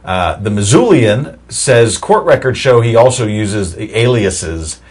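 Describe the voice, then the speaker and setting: A man with a husky, fairly low voice runs a casual commentary, reading news stories aloud and breaking in with wry, chatty asides. His pitch moves around a lot as he talks. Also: expressive, measured pace, a little mellow. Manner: wry, chatty, reads articles with asides and fillers. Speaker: political commentary host.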